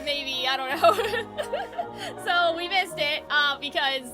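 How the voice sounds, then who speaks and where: A woman with a high, congested voice hosts a casual livestream, chatty and giggly as she rambles along. Music plays clearly behind her. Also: expressive, takes it slowly. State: congested, sniffly. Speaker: YouTube host.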